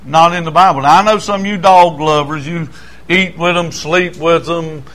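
Older pastor, folksy sermon, kinda high voice, lots of and-and restarts. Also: male voice, fairly even intonation, normal speed, a bit bright. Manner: folksy storytelling, stammering restarts.

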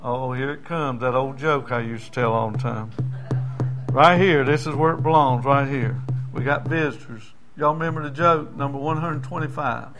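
A man's voice: mid-range voice, brisk, few pauses, over music. An older man, a pastor preaching in a folksy storytelling way, dropping into dialect. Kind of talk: sermon.

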